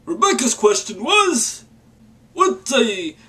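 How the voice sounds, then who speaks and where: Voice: mid-range voice, sing-song, takes it slowly, sharp tone. A vlogger chatting casually while putting on a mock vampire voice that keeps slipping into an old-man voice, joking at their own expense. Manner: jokey and self-mocking. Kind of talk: casual video blog.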